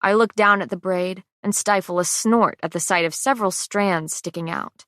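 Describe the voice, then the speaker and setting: A woman giving measured, scripted first-person narration of a fantasy romance audiobook. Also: medium pitch, a bit bright, dry recording, studio quality.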